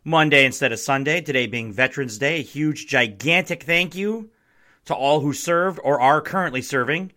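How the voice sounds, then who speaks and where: A young Midwestern man from Wisconsin hosting a casual sports podcast from his basement, his voice a little hoarse from shouting, talking in an excitable, sarcastic, emphatic way. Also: on the high side, normal speed. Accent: Midwestern American. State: strained, slightly hoarse voice. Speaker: podcast host. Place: home basement.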